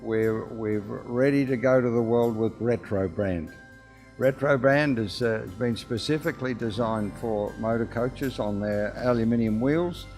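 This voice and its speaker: A man's voice: mid-range voice, unhurried, a little mellow. Aussie guy talking about his product, lots of uh and um, bit of music under it. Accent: Australian. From Australia. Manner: hesitant, many restarts and fillers. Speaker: company founder. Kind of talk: casual product explanation.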